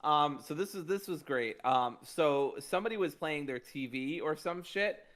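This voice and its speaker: Animated man telling a story on a podcast. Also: on the high side, normal speed. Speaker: podcast panelist. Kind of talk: casual podcast chat.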